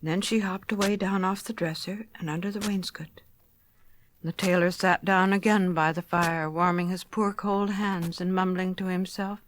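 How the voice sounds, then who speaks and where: Woman reading a storybook, hushed and gentle. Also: lowish voice, fairly even intonation, moderate pace, no room sound. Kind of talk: storybook narration for children.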